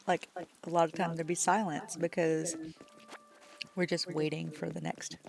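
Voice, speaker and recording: A woman's voice: low voice, little pitch movement, a little slow, creaky, a crowd in the background. A woman streamer chatting casually while gaming, telling rambling stories, swearing freely and laughing often.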